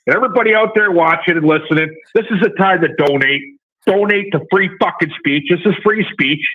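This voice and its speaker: A man's voice: high-pitched, brisk. Brash Southern man ranting by phone. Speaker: caller. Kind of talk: profane call-in rant. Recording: tinny phone line.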